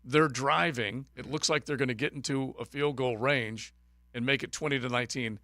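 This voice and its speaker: A man's voice: mid-range voice, moderate pace, bright, forceful tone, no echo, clean studio sound. A man hosting a sports radio show, rambling through his betting losses with self-mocking humor. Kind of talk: casual sports radio banter. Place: radio studio. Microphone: studio microphone.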